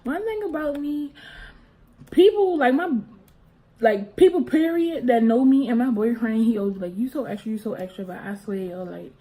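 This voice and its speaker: Young woman, casual storyteller, animated, mellow voice. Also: fairly high pitch, moderate pace, rough recording. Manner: animated, expressive, talks with her hands. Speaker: vlogger.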